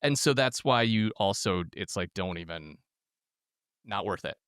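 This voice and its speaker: Male co-host, slightly low, expressive pitch, dry studio sound, chatty listener. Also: unhurried, clear, resonant tone, no echo. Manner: reactive listener, short interjections, earnest asides. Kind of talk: casual chat. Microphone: headphones on a close studio mic.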